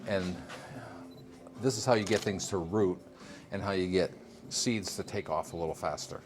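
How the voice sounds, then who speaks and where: There's background noise as an older Vermont man, his voice sitting low, leads an informal greenhouse tour at a moderate pace. In this walking interview he rambles along with fillers and chuckles a lot.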